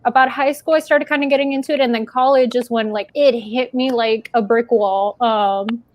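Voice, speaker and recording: A woman's voice: on the high side, fairly even intonation, normal speed, dull audio. A woman chatting as a guest in a casual group talk, full of fillers and likes.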